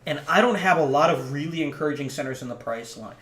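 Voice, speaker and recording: Speaking fast in a roomy-sounding space, this man has a slightly high, somewhat bright voice. As a let's play commentator, he rambles chattily through a hockey management game, filling it with frequent ums.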